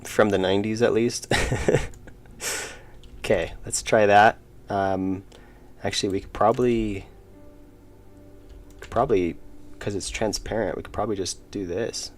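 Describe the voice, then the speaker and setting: A man's voice: lowish voice, fairly even intonation, unhurried, pauses often, faint music behind. A young man streaming his indie game work, rambling casually and reading chat aloud with self-deprecating jokes. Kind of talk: casual live-stream chat while working.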